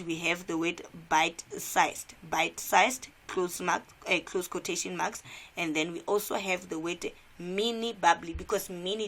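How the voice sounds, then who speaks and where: Woman, South African accent, teacher, instructive revision lesson, lowish voice. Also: fairly bright tone. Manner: instructive, asks rhetorical questions, repeats key points.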